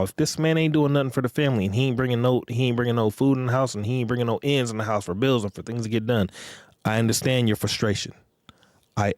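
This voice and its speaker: A man's voice: mid-range voice, a little mellow, dry recording, studio quality. A man hosting a podcast, giving relationship advice in a blunt, profane, lecturing monologue and repeating phrases for emphasis. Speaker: podcast host.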